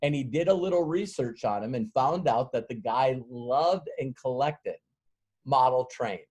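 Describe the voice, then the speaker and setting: A man's voice: mid-range voice, a little slow, darkish tone, slightly rough. A middle-aged man leading a sales training session in a loose, folksy way. He rambles through a long story and acts out the dialogue as he goes, laughing often along the way.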